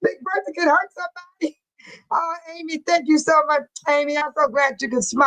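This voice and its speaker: A woman's voice: sits high, fairly quick, a bit bright, low-quality recording. A woman hosting a casual livestream, talking straight to her viewers and laughing often. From Texas. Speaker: livestream host.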